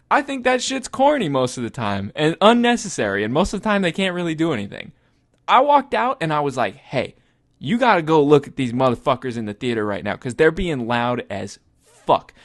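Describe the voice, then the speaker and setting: A young man with a Texan accent who co-hosts a movie podcast. He tells a story loosely and swears a lot, and his pitch swings widely as he gets worked up. The sound is close and dry, with no room echo. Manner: animated, profane storytelling. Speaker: podcast co-host. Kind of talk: casual chat.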